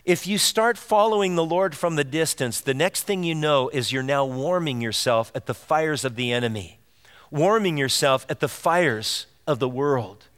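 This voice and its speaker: A man's voice: fairly high pitch, normal speed, a bit bright, clear, resonant tone. A man preaching a sermon as pastor, earnest and direct, asking his listeners rhetorical questions. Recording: long reverb of a large hall.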